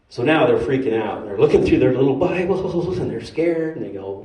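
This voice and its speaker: Animated male preacher in an echoey hall. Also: fairly high pitch, a little fast. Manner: animated, conversational. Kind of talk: storytelling sermon. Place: church sanctuary. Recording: roomy hall from far off.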